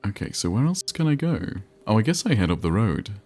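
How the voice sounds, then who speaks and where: A man's voice: lowish voice, very animated, a little fast, warm tone, soft background music. A man streaming a game, chatting and rambling while reading chat aloud. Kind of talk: casual live-stream commentary.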